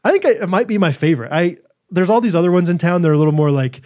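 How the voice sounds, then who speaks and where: Thirties male podcast co-host, lively storyteller, laughs a lot, slightly high voice. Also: rapid-fire. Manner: animated storyteller, laughs often. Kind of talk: casual chat.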